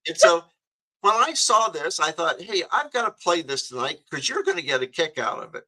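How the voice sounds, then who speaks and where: Bright-voiced chatty male radio host. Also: fairly high pitch, moderate pace, poor audio. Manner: chatty storyteller, animated, laughs often. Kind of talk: casual radio chat.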